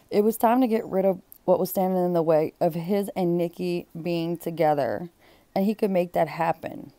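A woman's voice: lowish voice, normal speed, dark tone, dry recording. A woman reading a book aloud and breaking off for blunt, exclaiming comments. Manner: blunt, exclaiming asides between read passages.

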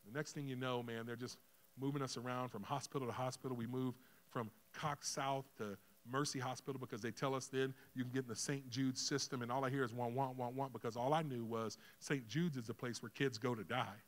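A middle-aged man preaching a sermon, telling a personal story with acted-out dialogue, dropping to a hush and rising loud. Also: medium pitch, fairly even intonation, a little fast. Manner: emotional storytelling, acts out dialogue, swings from hushed to loud. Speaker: pastor. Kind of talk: sermon testimony.

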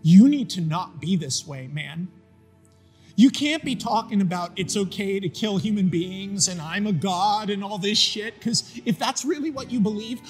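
A man voicing a lonely young male superhero who pleads anxiously and tearfully. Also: very high-pitched.

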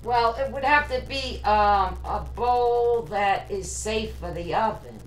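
A woman's voice: medium pitch, slow pace. A woman livestreaming from her kitchen, chatting hesitantly with lots of ums while answering viewer comments. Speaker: vlogger. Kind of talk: casual livestream chat. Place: home kitchen. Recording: echoey kitchen, distant mic, faint hum.

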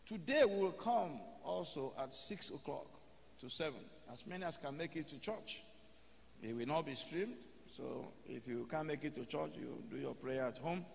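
High-voiced male pastor in a reverberant hall. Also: expressive, normal speed, vocal fry, slight background noise. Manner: preaching with told stories and leading prayer. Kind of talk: sermon. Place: church hall. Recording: long church hall reverb, faint music.

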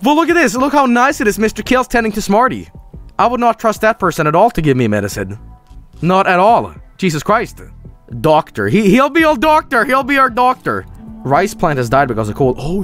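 A young man streaming a game, swearing and sarcastic, swinging between yelling and low mumbles. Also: big pitch swings, brisk, faint music behind.

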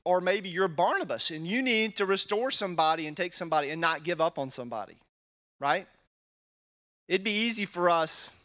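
A man's voice: a little high, fairly bright tone. A man with a Texan accent teaching a Bible study sermon in a conversational way, often checking in with the audience. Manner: conversational, asks the audience "right?". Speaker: pastor.

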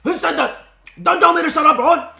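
A man playing a boastful, quick-to-yell male gamer in his mid-twenties with an Australian accent, in voice chat. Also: high-pitched, animated, roomy sound. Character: hot-tempered 25-year-old male gamer.

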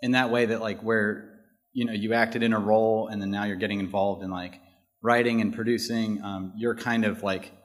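A man's voice: on the low side, steady tone, moderate pace. A man in the audience asking a question at a panel, hesitant and full of fillers.

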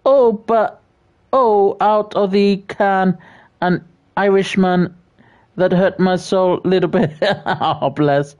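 The recording is muffled, and this British streamer speaks slowly with a steady, medium-pitched tone. Relaxed and chatty, he reads out viewer comments and gives shout-outs, frequently stammering and repeating words.

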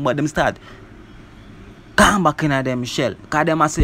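Animated man reviewing songs. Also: a little high, moderate pace, a little hiss or hum. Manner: animated, peppers talk with "bro" and "you see me". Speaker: music reviewer. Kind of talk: casual song review.

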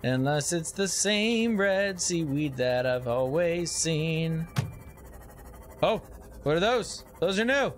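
A man giving excitable let's play commentary, narrating his gameplay and shouting at scares. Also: on the high side, takes it slowly. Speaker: gameplay recap host. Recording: commentary over game music.

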